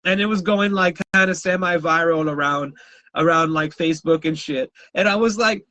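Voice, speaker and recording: Podcast host from South Texas, male, high and bright, profane and ranting, dry close mic. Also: moderate pace, dry recording. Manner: profane, ranting, laughs often. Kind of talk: casual podcast chat.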